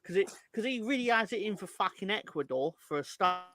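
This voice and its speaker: A man's voice: high voice, animated, a little fast, very noisy. A man co-hosting a football chat, amused and wry, with casual swearing. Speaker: co-host.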